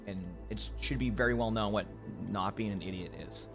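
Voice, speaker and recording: A man streaming, chatting casually with his live chat in an animated, sarcastic, rambling way. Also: on the low side, a little fast, over music. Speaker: game streamer.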